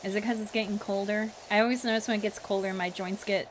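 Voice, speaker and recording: A woman's voice: medium pitch, steady tone, quick pace, background noise. Chatty young woman streamer. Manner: chatty, answers chat, acts out characters. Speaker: streamer and voice actor. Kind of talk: casual livestream chat.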